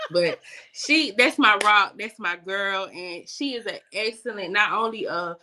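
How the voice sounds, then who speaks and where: A young adult woman guest telling faith stories in a casual, animated way, laughing often and speaking in vernacular. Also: medium pitch, moderate pace. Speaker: guest, business owner.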